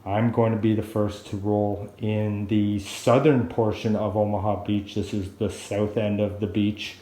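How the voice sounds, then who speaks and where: Slow-talking man in an echoey workshop. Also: lowish voice, flat delivery, dark tone. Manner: slow, unhurried and chatty. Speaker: hobbyist woodworker vlogger. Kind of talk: casual video diary. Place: workshop room, alone.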